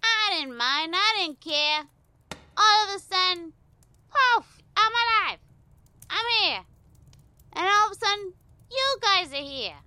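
A woman voicing a gruff, blustery male teddy bear who talks tough in a tabletop game. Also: very high-pitched, animated, slow pace, pauses often, bright, forceful tone, pitched above the performer's own voice, heavily acted. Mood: ranting. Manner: brash, blustery.

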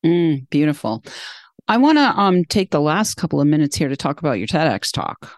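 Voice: mid-range voice, sing-song, no room sound. Affirming podcast host, dry close mic. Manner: affirming, drawn-out summarizing. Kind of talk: interview host closing a podcast.

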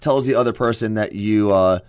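Chatty radio co-host, dry studio sound. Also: male voice, on the low side, darkish tone, clean tone, no room sound. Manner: joking, quick and chatty. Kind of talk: casual radio banter.

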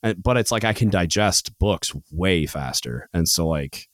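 A young man with a very low, deep voice chats loosely on his podcast, looping through "like" and "dude" as he thinks aloud. The sound is close and dry, with almost no room around it. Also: animated, measured pace, no room sound. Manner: rambling, filler-heavy, says "like" and "dude" a lot. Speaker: podcast host. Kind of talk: casual chat. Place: home podcast studio.

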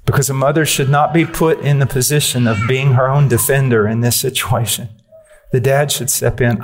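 A male preacher delivers a sermon in a blunt, forceful, personal manner. His voice sits at a middle pitch for a man. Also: steady tone, moderate pace.

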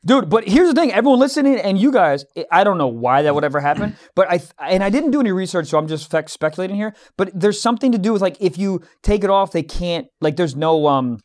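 A young man with a notably high-pitched voice co-hosts a casual podcast. He tells stories in an animated way, acts out both sides of the exchange, and swears without holding back. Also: fast talker, few pauses. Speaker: podcast co-host. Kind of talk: casual storytelling chat.

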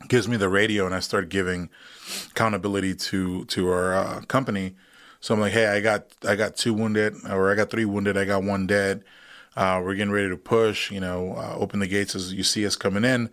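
A man in his thirties, a veteran guest on a podcast, telling a long story in a casual, animated way and acting out what others said. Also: fairly low pitch, fairly quick. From United States. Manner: animated retelling, acts out quoted voices.

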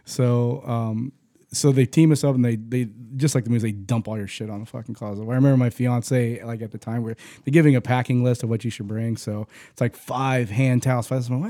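A man recounts his army training days in a loose, profane conversational style. His voice is mellow and darkish, recorded dry and close. He stumbles and restarts often as he talks. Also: medium pitch, steady tone, a little fast, no room sound. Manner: profane, rambling, frequent restarts. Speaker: guest, army veteran. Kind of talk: casual storytelling.

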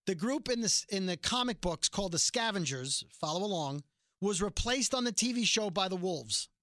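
A man's voice: high-pitched, normal speed, no echo, studio quality. A man co-hosting a casual podcast, recapping episodes and acting out lines from scenes. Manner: animated storyteller, acts out quotes. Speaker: podcast co-host recapping a TV show. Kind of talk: casual chat.

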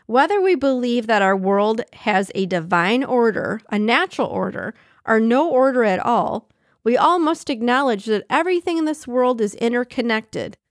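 A woman hosts a podcast in a casual, chatty style, reading short passages and riffing on them with animated asides and easy laughter. Her voice is a little higher than average, at normal speed. The recording is close and dry, with no room sound.

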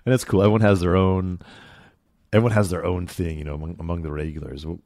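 A man talking casually on a podcast in a relaxed, rambling way. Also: low-pitched, quick pace, no room sound, clean studio sound. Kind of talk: casual chat.

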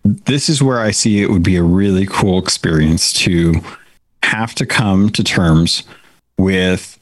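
A man in casual chat, speaking slowly and thoughtfully about a game. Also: low voice, no room sound.

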